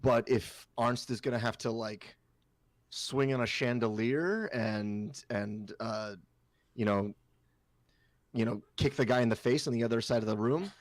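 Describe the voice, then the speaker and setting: A man's voice: medium pitch, measured pace, dry recording. A man co-hosting a casual chat about a tabletop game, talking loosely with many fillers and restarts. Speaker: co-host and player.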